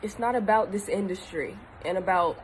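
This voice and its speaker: A woman's voice: medium pitch, normal speed, a little hiss or hum. A tearful woman giving an earnest personal video message, often repeating herself for emphasis. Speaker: actress.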